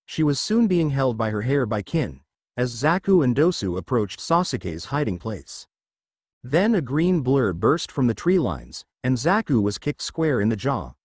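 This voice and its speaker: Man narrating a fanfic, lively delivery. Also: mid-range voice, a little slow, slightly rough, dry recording, clean studio sound.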